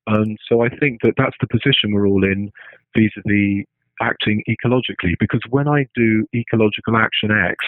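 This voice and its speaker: A man's voice: fairly low pitch, dry recording. A man giving a talk, thinking aloud with frequent restarts and tagging his points with "right?". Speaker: speaker. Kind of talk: lecture-style talk. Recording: dry tinny phone-like sound.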